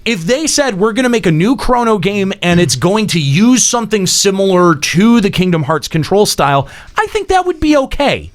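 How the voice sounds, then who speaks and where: A man's voice: high-pitched, big pitch swings, moderate pace, few pauses. A man co-hosting a podcast, stating firm opinions with emphasis in casual chat. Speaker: podcast co-host.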